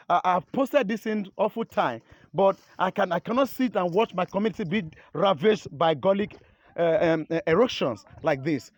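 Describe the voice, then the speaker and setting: A man's voice: high-pitched, moderate pace, no room sound. A Nigerian man pleading urgently and repetitively while filming outdoors on a handheld phone beside an eroded road. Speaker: local resident filming his community.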